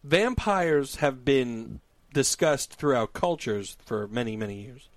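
A man co-hosting a podcast, talking in an animated, profane way and steering the conversation. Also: mid-range voice, slow pace, no room sound. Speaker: podcast co-host. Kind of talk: casual chat.

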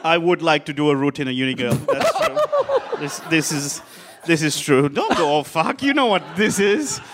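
A man's voice: a little high, wildly swooping pitch, normal speed, very noisy. A man from Sri Lanka telling a rambling, self-mocking story to a laughing live crowd in a bar. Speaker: comedian.

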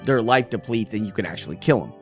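A man, a young adult, chatting casually as co-host of a gaming podcast, animated and laughing as he acts out quotes. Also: fairly low pitch, fast talker, faint music behind. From United States. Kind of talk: casual chat.

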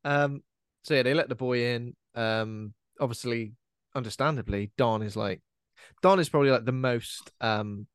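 A man's voice: medium pitch, normal speed, clear, resonant tone, no echo, clean studio sound. A man co-hosting a podcast, chatting casually about a horror film with plenty of fillers and trailing asides. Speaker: podcast co-host.

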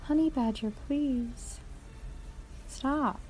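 A chatty, easily sidetracked woman hosting from home. She records into a phone and her voice sits a touch high. Faint background noise hangs under her words. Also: extremely slow, darkish tone, poor audio. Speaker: podcast host reading the outro. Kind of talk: casual outro chat. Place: home with a cat.

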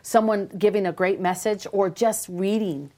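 A woman hosting a Christian talk show, talking in a blunt, energetic, laughing way. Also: medium pitch, moderate pace. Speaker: host.

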